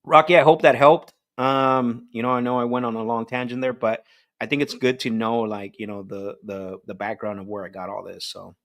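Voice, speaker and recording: A man's voice: mid-range voice, moderate pace. A man coaching a group call on sales technique, talking with energy and checking in with "right?" as he goes. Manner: energetic, repeats "right?" often, restarts sentences. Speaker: sales trainer.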